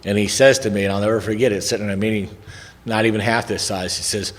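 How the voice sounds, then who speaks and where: In a large hall at a recovery event, a middle-aged recovery speaker tells a rambling, folksy story of his recovery to the room. His voice is on the low side and his delivery flat, and he talks fast, conversationally dropping in "man" and "right?" The big hall gives a long reverb.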